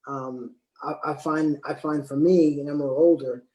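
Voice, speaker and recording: A man talking calmly and deliberately in a casual discussion, often repeating words as he works out his point. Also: fairly high pitch. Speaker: panel guest. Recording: echoey room.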